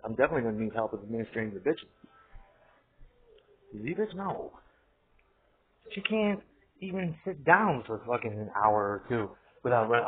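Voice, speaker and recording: A man's voice: mid-range voice, sing-song, moderate pace, long pauses. A man rambling in a profane monologue, laughing often and trailing off mid-thought. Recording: tinny phone-like audio, faint hiss.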